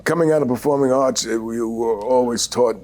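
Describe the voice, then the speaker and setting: An older man, a veteran actor, telling stories in an interview in an unhurried, animated way with many fillers and a husky voice. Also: medium pitch. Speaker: guest actor. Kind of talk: storytelling interview.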